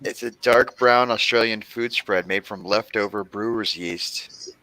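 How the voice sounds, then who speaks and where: A man with a low but forceful, sharp-edged voice chats on a group stream. He speaks in a dry, blunt, matter-of-fact way. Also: unhurried, dry recording, poor audio. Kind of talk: casual chat.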